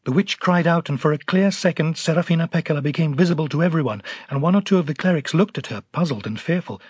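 A male narrator with a very husky, breathy voice reads the story in a measured, dramatic way. His recording is close and dry, with no room sound. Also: a little high, dry recording.

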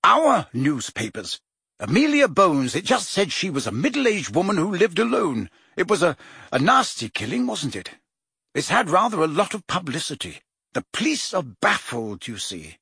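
A man voicing an irritable male prime minister who barks sharp, sarcastic retorts. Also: high voice, wildly swooping pitch, moderate pace, creaky, breathy edge, no room sound, clean studio sound, voice pushed up, exaggerated voice. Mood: irritated.

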